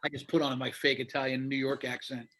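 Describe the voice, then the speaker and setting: A man's voice: mid-range voice, little pitch movement, fast talker, a bit bright. A man in his fifties, a radio host being interviewed, talking bluntly and with animation in casual chat. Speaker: radio show host, guest.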